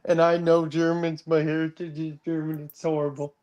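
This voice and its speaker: A man's voice: fairly high pitch, little pitch movement, normal speed, darkish tone. A man in a casual stream chat, teasing the others and breaking into bits of song.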